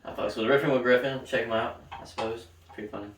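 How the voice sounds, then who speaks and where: A man's voice: mid-range voice, fast talker. A man co-hosting a podcast, riffing through casual stories with plenty of swearing. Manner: riffing, animated storytelling with swearing. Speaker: podcast co-host. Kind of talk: casual chat. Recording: echoey room, mic at a distance, faint hiss.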